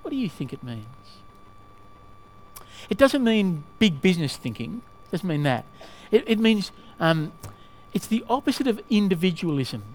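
A male preacher giving a sermon in a halting way, often asking the listeners questions. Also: high voice, big pitch swings, a little hiss or hum.

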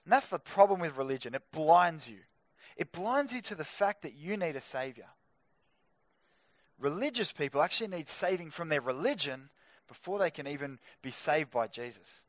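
A man preaching an energetic youth group sermon, with punchy joking asides to teenagers. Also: on the high side, normal speed, no room sound. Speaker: youth pastor.

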